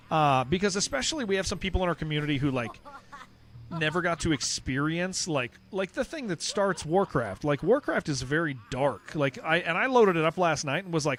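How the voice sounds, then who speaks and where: A man's voice: fairly high pitch, expressive, moderate pace, a bit bright. Californian man streaming, rambling casual chat. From San Diego, California. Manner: rambling, restarts sentences, says dude a lot. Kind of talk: casual live-stream chat while gaming.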